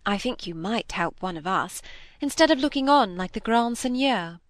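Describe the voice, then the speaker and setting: A woman's voice: mid-range voice, animated, moderate pace, no echo, close to an everyday voice. A woman reading aloud, voicing a witty, teasing young woman with an arch, playful manner. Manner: arch, playful, lightly scornful.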